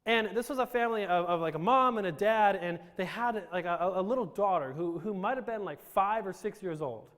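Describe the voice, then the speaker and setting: A man's voice: sits high, fairly quick, hardly any pauses, fairly bright tone. A man from Romania telling his life story to a live audience with self-deprecating jokes and rambling restarts. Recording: reverberant hall.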